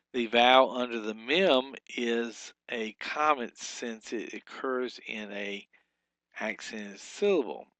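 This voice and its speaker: A man with a medium-pitched, slightly bright voice teaches a recorded Hebrew grammar lesson, walking through the rules step by step. He pauses and restarts often, and there's no echo.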